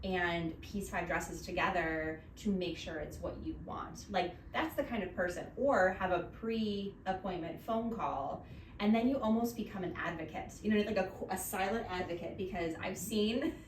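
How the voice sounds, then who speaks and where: A woman's voice: fairly low pitch, moderate pace. A woman hosting a wedding podcast, giving conversational advice in a casual chat. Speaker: podcast host. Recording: roomy, distant mic with faint noise.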